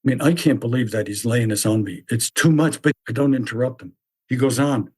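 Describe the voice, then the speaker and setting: A man's voice: medium pitch, fairly quick, darkish tone, slightly rough. A man narrating a reflective podcast essay, breaking in with wry, exasperated asides.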